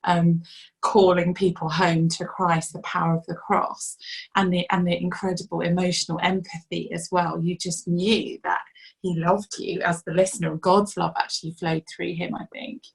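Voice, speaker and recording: A woman speaking as a guest on a podcast, giving measured, reflective recollections. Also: fairly low pitch, little pitch movement, vocal fry, rough recording. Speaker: ministry leader, guest. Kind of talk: podcast conversation.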